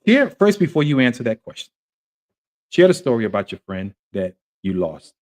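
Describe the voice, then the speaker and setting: A man hosting a podcast, sharing a personal story in an earnest, animated way. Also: mid-range voice, moderate pace. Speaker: podcast host. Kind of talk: casual testimony chat.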